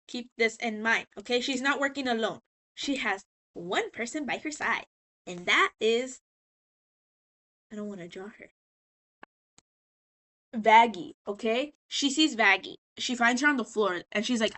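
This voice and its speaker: A woman's voice: a little high, expressive, normal speed, sharp tone. A tipsy woman rambling sassily as she recaps a show in a casual vlog. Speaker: vlogger.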